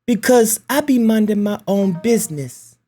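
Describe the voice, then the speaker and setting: A man impersonating a loud woman vlogger who chats while frying potatoes and suddenly screams. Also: high-pitched, animated, moderate pace, soft background music, pitched above the performer's own voice. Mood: chatty. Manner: jumps from chatty to screaming.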